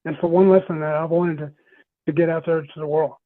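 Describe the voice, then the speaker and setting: A man's voice: on the high side, steady tone, fairly quick, no echo. A middle-aged man, a podcast guest, telling a personal story in an earnest, rambling way, often restarting his phrases. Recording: tinny phone-line sound.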